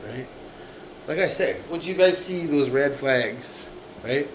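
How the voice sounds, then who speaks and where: A man's voice: on the high side, expressive, takes it slowly, noisy background. A man in his late forties giving a blunt, profane monologue, repeating himself and often asking "right?". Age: 40s. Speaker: vlogger. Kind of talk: casual monologue to camera.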